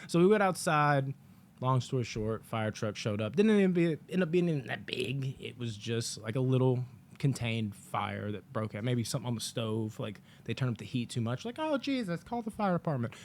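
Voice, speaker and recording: A man's voice: mid-range voice, moderate pace, vocal fry, a little hiss or hum. A man casually reviewing a movie on his vlog, telling long stories in a rambling, profane way with lots of fillers.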